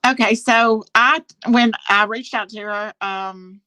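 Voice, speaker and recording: A woman hosting a casual livestream, answering viewers' comments by name and recounting a conversation, blunt, with halting restarts. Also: a little high, steady tone, sharp tone, clear, resonant tone, no room sound. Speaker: livestream host.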